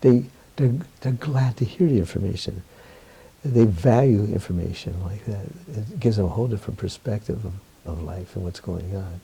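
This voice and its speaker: Older guy with a gravelly husky voice, telling stories in an interview, animated, laughs a lot. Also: fairly low pitch, moderate pace, low-quality recording. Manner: animated, laughs often, quotes others in raised voice. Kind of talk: candid storytelling interview.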